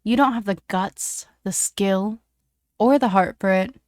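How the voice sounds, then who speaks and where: A sneering young bully on a hockey team who taunts and jeers in a sharp voice, as a woman reads him. The sound stays close and dry. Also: fairly high pitch, animated, a little slow, no room sound, pitched above the performer's own voice. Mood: taunting.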